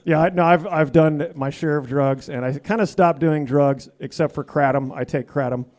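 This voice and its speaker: Rambling self-mocking American comedian. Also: male voice, fairly high pitch, moderate pace, darkish tone. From United States. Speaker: guest comedian. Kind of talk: casual comedy banter. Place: radio studio.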